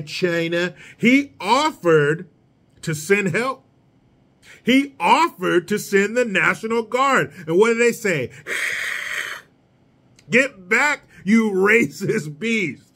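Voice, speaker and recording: A man's voice: high voice, a bit bright. A man delivering a solo commentary rant in a sarcastic, mocking, blunt manner. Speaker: political commentator.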